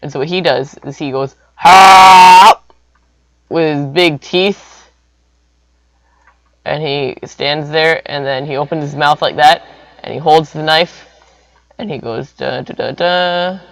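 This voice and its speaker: A man's voice: on the high side, steady tone, a little slow, pauses often, a bit bright, no echo, poor audio. A young man rambling through an improvised comic story, full of silly sound effects.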